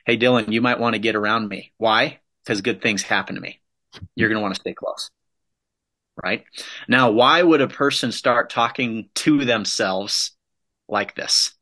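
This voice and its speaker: A man delivering a motivational talk in a bright, forceful voice that sits a little low. He drives each point home with short, repeated, emphatic phrases. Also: unhurried. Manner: emphatic, punchy repetitive phrasing. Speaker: motivational speaker.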